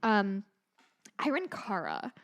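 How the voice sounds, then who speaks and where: A woman in her thirties co-hosts a podcast in loose, easy conversation. She rambles from point to point, drops in a swear word, and keeps undercutting herself. Her voice sits at an ordinary middle pitch. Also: huge pitch swings, slow pace. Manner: rambling and chatty, with swearing and self-deprecating asides. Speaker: podcast co-host. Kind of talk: casual chat.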